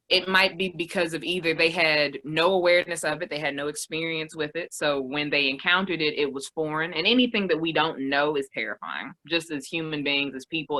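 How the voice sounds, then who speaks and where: A woman self-love coach speaking thoughtfully as a guest on a podcast, slowing down to make reflective points. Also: low-pitched, sharp tone. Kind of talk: reflective conversational podcast talk.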